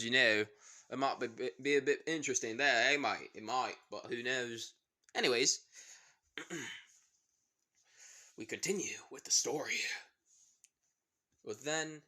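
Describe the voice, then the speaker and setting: A man's voice: mid-range voice, bright, forceful tone. A man casually narrating a fan story in a chatty, rambling way, often breaking off to comment. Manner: rambling, chatty, self-interrupting.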